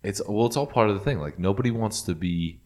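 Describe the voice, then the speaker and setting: A man's voice: fairly low pitch, fast, darkish tone. A man co-hosting a podcast, laid-back and profane in casual chat, often repeating words. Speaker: podcast co-host.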